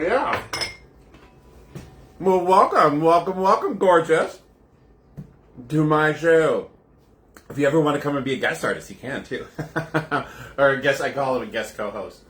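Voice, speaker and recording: A man's voice: mid-range voice, a bit bright, echoey room. A man hosting a casual live cocktail show from his kitchen, chatty and gushing as he greets viewers. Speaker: host of a home cocktail livestream.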